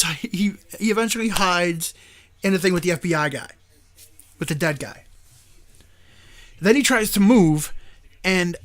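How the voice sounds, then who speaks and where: A man hosting a live stream show, rambling through a movie plot in a casual, animated way with frequent laughter. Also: sits high, no room sound. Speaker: show host.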